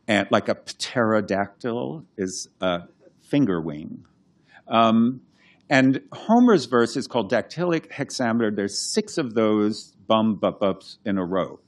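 A man with a slightly low voice speaks in a relaxed, lecturing way about his scholarly work. He pauses, restarts and thinks aloud, now and then sounding out verse beats. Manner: thoughtful, explanatory, halting restarts, chants verse rhythms. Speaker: classics scholar and translator. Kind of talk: conversational lecture.

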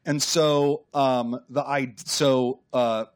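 Male author guest, lively storyteller who voices his quotes, conversational. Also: mid-range voice, extremely slow. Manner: animated storyteller, acts out quotes, some restarts. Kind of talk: conversational radio interview.

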